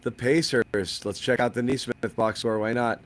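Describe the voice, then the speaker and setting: A man's voice: medium pitch, fairly even intonation, normal speed. A man hosting a basketball postgame show, teasing his panel in casual chat and stumbling over repeated words. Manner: teasing, joking, repeats words when starting.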